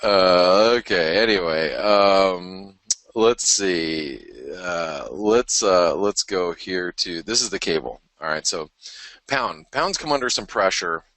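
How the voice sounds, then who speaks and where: Man, market show host, casual chart talk, low voice, forceful bright tone, thinks aloud. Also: lively intonation, slow, dry recording. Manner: chatty, self-deprecating, thinking aloud.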